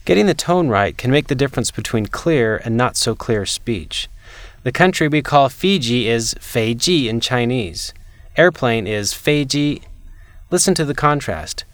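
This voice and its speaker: A man narrating a language lesson from a script, with measured, clear enunciation and demonstrated intonations. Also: mid-range voice, expressive, a bit bright, dry recording.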